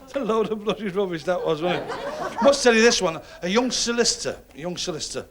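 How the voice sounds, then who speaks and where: A man works through stand-up jokes in a chatty, easygoing way, chuckling at his own punchlines and slipping into the characters' voices. His voice sits a little high. It comes from a 1970s television club stage. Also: animated, a little fast, over a noisy crowd, heavy background noise. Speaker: stand-up comedian. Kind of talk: stand-up joke telling.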